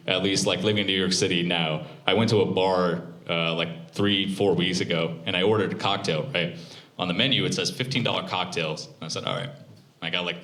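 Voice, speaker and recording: A young man in his twenties doing stand-up on a club stage, animated, profane and quick to mock himself. His fairly low voice swings widely in pitch and has a bright, forceful edge. The sound rings around a roomy club. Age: 20s. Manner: animated, profane, self-mocking. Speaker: stand-up comedian. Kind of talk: live stand-up set.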